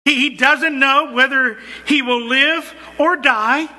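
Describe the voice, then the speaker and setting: A male preacher with a very high, bright voice delivers a sermon slowly and emphatically, repeating phrases for weight. His words ring out with the long reverb of a large church hall. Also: steady tone.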